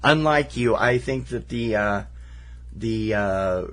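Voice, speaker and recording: A man's voice: fairly low pitch, takes it slowly, a bit bright. A man co-hosting a casual film podcast, wry and teasing, rambling with fillers as he runs through festival titles. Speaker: podcast co-host.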